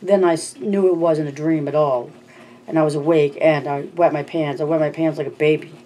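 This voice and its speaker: An audiobook narrator voicing a frightened small boy who blurts out his story in halting bursts. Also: mid-range voice, fairly even intonation, dark tone, a little hiss or hum, close to an everyday voice. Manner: blurting, halting, stumbling over words.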